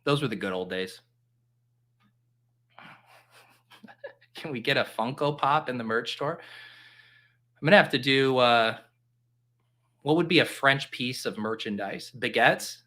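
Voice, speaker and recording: A man hosting a live stream, making casual commentary full of jokes and quick exclamations. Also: mid-range voice. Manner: animated, joking, quick exclamations. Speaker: livestream host.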